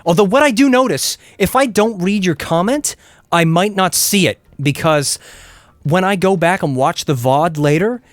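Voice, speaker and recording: Here the young man from England sounds a little high, with no echo on the recording. While streaming a game at home, he offers casual, rambling commentary on gadgets, chats with viewers, and curses when things go badly in the game.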